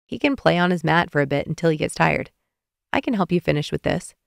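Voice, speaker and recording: Picture a woman reading an audiobook, doing a gentle young man in love, his voice pitched a touch lower than hers and kept soft and hushed. He sounds tired but sincere. The recording is close and completely dry. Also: animated, brisk, creaky, dry recording. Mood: easy. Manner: soft, low-key and hushed.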